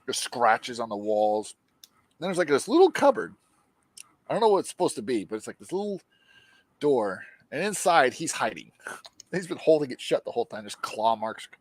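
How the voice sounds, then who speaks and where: Animated, swearing man recapping a show. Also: mid-range voice, normal speed, no echo. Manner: animated storytelling, acts out quotes. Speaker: podcast co-host. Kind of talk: casual profane show recap.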